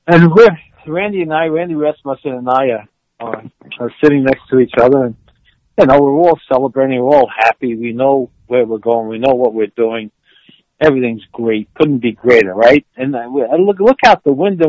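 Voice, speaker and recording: A former football player telling an animated story. He laughs and acts out the quotes. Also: fairly high pitch, no echo, dull audio. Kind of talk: storytelling interview.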